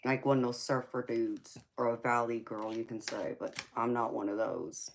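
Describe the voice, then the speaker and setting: A woman's voice: rumbling low, fairly even intonation, moderate pace, a little hiss or hum. A woman with a Southern American accent, chatting sassily with viewers on a tarot livestream and calling them baby. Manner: sassy, drawling, calls viewers baby. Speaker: tarot reader hosting a livestream. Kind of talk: casual livestream chat with viewers.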